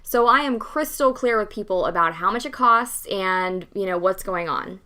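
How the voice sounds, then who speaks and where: A young woman hosting a podcast, telling a story in a casual, animated way, acting out the dialogue and swearing freely. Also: medium pitch, normal speed. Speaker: podcast host.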